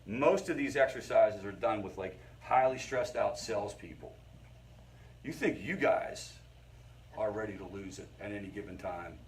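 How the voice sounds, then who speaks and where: A man's voice: lowish voice, lively intonation, moderate pace, slight background noise. A middle-aged man, a therapist, giving an informal, conversational lecture to a family recovery group and checking in with his listeners. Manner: conversational, keeps checking in with the audience. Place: meeting room with a group. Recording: voice picked up from a distance.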